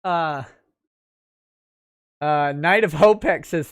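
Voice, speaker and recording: A man's voice: on the high side, unhurried, fairly bright tone. A man hosting a casual livestream show, reading viewer messages aloud with crude jokes and frequent repeated words. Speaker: livestream talk show host.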